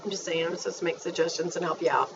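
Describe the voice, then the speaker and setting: A woman's voice: lowish voice, fairly even intonation, very fast, far from the mic, noisy background. A woman chatting in a playful, gushing manner as she reviews things for her viewers. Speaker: vlogger. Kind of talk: casual chat. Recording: dull, faint, off-mic home recording.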